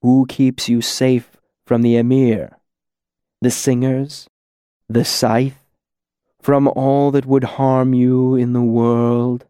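A man voicing a cool, patient, menacing shadowy lord who speaks softly and with careful measure. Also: mid-range voice, slow, no room sound, clean studio sound. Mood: cold, patient.

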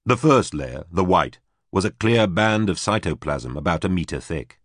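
Low-voiced guy narrating an audiobook, dry close sound, steady and measured. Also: no room sound. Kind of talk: scripted narration.

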